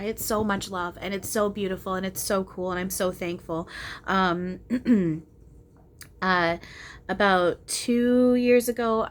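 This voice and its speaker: A young woman talking casually and earnestly at home about her spiritual experiences, animated, with frequent restarts and bursts of laughter. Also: mid-range voice, a little hiss or hum. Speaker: spiritual channeler and video host. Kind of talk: casual spiritual chat to camera. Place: at home, small room.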